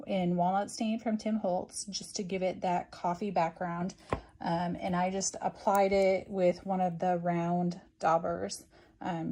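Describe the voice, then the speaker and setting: A woman's voice: medium pitch, a little mellow. A woman walking through a craft project step by step in a casual tutorial, with frequent ums as she explains. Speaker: craft instructor. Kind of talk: relaxed craft tutorial walkthrough.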